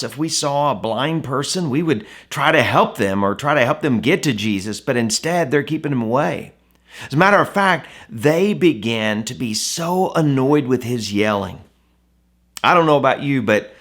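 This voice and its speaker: A man's voice: mid-range voice, a bit bright. A man giving a devotional Bible teaching in a conversational way, often asking the listener rhetorical questions. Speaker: devotional speaker.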